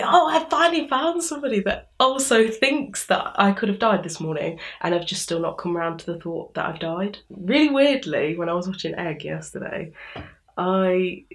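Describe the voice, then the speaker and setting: Young english woman just chatting in an interview, lowish voice, laughs a lot, acts out little quotes. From England. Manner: chatty, laughs often, animated quoting. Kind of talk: casual chat.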